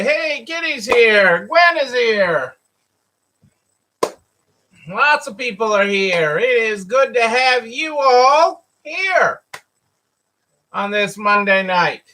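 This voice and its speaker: A man's voice: very high-pitched, expressive, slow pace, pushed and bright, slight background noise, poor audio. A man hosting a casual live stream for store owners, who greets viewers by name and repeats his phrases. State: hiccups. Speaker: livestream host for store owners.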